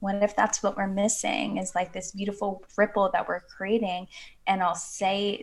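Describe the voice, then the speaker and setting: Gravelly-voiced woman in earnest chat. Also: medium pitch, flat delivery, normal speed. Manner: earnest, flowing, many "like" fillers. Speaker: podcast guest, women's coach. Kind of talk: casual podcast chat.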